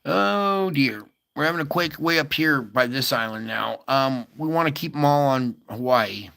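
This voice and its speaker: A man's voice: medium pitch, lively intonation, moderate pace, vocal fry, bright, forceful tone. A man hosting a casual earthquake update, thinking aloud over maps with many fillers and asides. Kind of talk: casual screen-share commentary.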